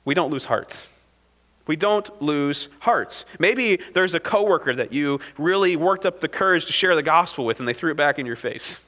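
Bright-voiced male preacher in a reverberant hall. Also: on the high side, animated, normal speed. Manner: conversational preaching, frequent "right?" asides. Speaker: pastor. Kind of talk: sermon.

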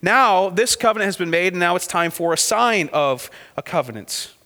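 Bright-voiced man teaching scripture. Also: high voice, expressive, moderate pace. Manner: conversational, asks the listeners rhetorical questions; reads scripture aloud between casual remarks. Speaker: Bible teacher. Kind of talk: verse-by-verse Bible teaching. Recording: long hall reverb.

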